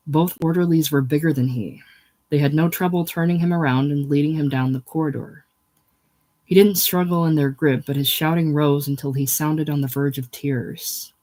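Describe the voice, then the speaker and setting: A man reading a novel aloud at a steady, measured pace. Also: a little high. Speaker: audiobook reader.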